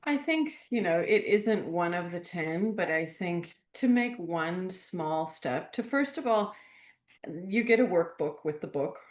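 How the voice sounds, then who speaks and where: Older woman author, guest spot, earnest and reflective, low voice, roomy muffled line. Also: lively intonation, a little slow. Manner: reflective, earnest, warm enthusiasm. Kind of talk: podcast interview. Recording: echoey, dull remote audio.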